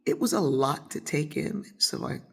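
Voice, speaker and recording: Brief: woman storyteller, husky gravelly voice, animated, plays her friends' voices. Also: normal speed. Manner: animated, acts out friends' voices with whispers and high squeals. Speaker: storyteller host. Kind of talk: casual storytelling.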